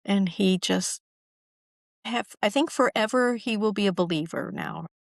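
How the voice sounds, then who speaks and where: A woman, an author appearing as a podcast guest, telling stories in a warm-hearted, emphatic way and acting out the quotes. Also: mid-range voice, unhurried, creaky, no room sound, studio quality. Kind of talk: conversational storytelling.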